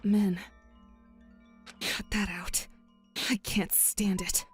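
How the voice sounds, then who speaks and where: A woman's voice: little pitch movement, drawn-out words, slightly rough, faint music behind, exaggerated voice. A woman voicing a cold young woman who coldly rejects a doomed classmate, in a fan-made game. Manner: cold and cutting, low and hushed. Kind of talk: voiced visual novel dialogue.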